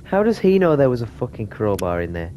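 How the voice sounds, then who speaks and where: A man doing horror game commentary, swearing a lot and sounding exasperated and excitable. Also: mid-range voice, a little fast, a little hiss or hum. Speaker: gaming YouTuber.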